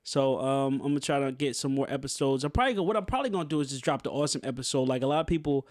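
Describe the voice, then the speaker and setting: A man's voice: mid-range voice, animated, rapid-fire, a little mellow, no echo, clean studio sound. A man hosting a podcast in casual chat, laid-back and slangy, with many fillers and restarts. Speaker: podcast host.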